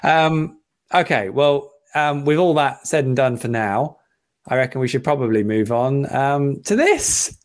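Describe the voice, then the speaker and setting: A man's voice: mid-range voice, lively intonation, measured pace. Hesitant man hosting a football podcast. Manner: hesitant, many ums and soft laughs. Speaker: podcast host. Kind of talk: casual football podcast chat.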